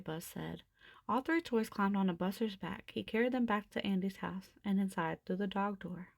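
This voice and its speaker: A woman reading a children's storybook aloud in a steady, expressive way. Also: mid-range voice, moderate pace, creaky, no room sound, clean studio sound. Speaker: storybook reader.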